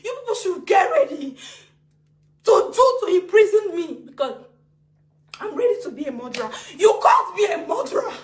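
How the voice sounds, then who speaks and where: Agitated Nigerian woman ranting live, very high voice, wildly swooping, echoey room. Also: sing-song, moderate pace. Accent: Nigerian Pidgin. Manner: agitated, swings between laughing, crying and shouting. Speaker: live video speaker. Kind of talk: emotional live-video rant.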